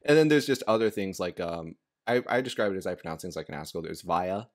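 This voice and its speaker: A man's voice: deep voice, expressive, quick pace. A man hosting a casual podcast chat, rambling along with frequent laughs and fillers. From United States. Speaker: podcast host.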